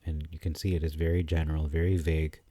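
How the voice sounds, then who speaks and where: A man giving casual commentary on scripture, thinking aloud with frequent pauses, fillers and restarts. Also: rumbling low, little pitch movement, dark tone, dry recording.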